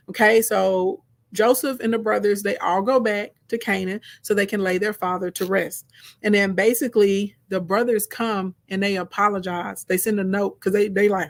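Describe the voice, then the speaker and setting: A woman retelling a Bible story as a casual lesson in a lively, conversational way, often checking in with her listeners. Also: mid-range voice, normal speed. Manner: lively, conversational, frequent "okay?" check-ins. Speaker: Bible teacher.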